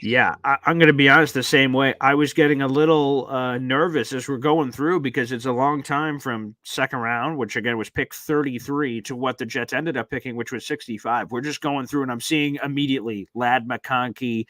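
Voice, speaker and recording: A man hosting a casual sports chat, telling stories in an excitable, animated way. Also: mid-range voice, moderate pace, hardly any pauses, no room sound. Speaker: sports show host.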